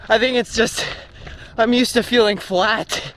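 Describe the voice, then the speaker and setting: Young man, fairly high voice, casual running vlog, talking on the move outdoors, faint traffic hiss behind. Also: measured pace, a bit bright. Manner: chatty, talks while jogging outdoors. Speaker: vlogger training for a marathon. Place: outdoors on roads while running. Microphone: handheld camera while running. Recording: faint outdoor noise with wind.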